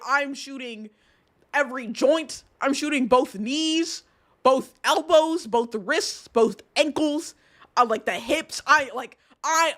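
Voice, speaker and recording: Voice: sits high, bright, forceful tone. A streamer giving casual commentary while reading chat screenshots aloud, stammering through restarts and ranting with heavy swearing. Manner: outraged, vengeful rants.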